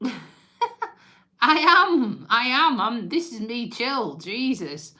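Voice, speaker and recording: A woman chats loosely to her live-stream viewers, joking and swearing as she goes. Her voice sits fairly high and comes across bright and forceful, and she talks at a slow, unhurried pace. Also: animated. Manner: chatty, joking, swears casually. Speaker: livestream host. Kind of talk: casual live-stream chat.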